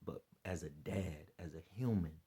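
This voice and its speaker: Tired male vlogger, preachy and repetitive, rough husky low voice. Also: normal speed, mellow. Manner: repeats himself, loose and earnest. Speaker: vlogger giving religious commentary. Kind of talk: rambling preachy monologue to camera.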